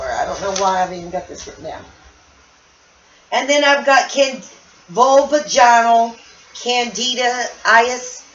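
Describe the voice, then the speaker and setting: A woman's voice: a little high, lo-fi sound. A woman from the United States venting angrily in a personal vlog, stumbling and repeating herself and sounding a little loopy. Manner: angry, venting, stumbling over words. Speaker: vlogger. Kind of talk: emotional personal vlog rant. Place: home room.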